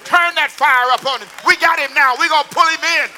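A man's voice: very high voice, a little fast, bright, forceful tone, a little hiss or hum, pitched above the performer's own voice, exaggerated voice. A man preaching voices God giving insistent, urgent commands in a sermon.

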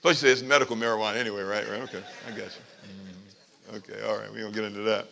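A male pastor preaches in church with lively call-and-response, having the congregation repeat after him. His lowish, gravelly voice moves fast, swinging from loud, emphatic points to quiet asides.

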